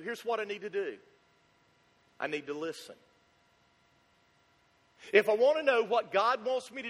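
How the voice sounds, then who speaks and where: A man's voice: very high-pitched, pushed and bright. A male pastor preaching a sermon in an emphatic, repetitive style, posing rhetorical questions to the congregation. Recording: long hall reverb.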